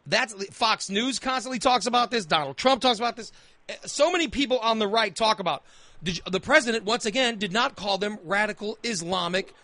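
Emphatic high-voiced male radio host. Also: lively intonation, a little fast, sharp tone, no room sound. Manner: emphatic, argumentative, repeats phrases. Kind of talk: opinionated talk radio debate.

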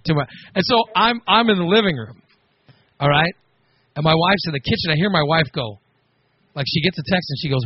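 A man's voice: a little high, quick pace, muffled recording, a little hiss or hum. A man on a podcast telling a story in a casual chat, acting out the quoted lines and laughing as he goes. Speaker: podcast co-host.

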